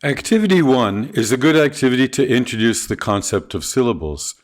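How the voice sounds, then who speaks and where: A man narrating a scripted video on teaching pronunciation, speaking in a clear, deliberate, instructional way. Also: medium pitch, lively intonation. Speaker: ESL teacher trainer.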